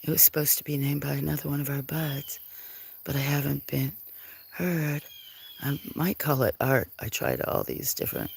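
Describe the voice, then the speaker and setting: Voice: mid-range voice, lively intonation, moderate pace, creaky, a little hiss or hum. A livestream host on a farm, chatting casually to viewers over a handheld phone while cooing at the cats and apologizing now and then. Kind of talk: casual live-stream chat. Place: farm, among the cats at feeding time.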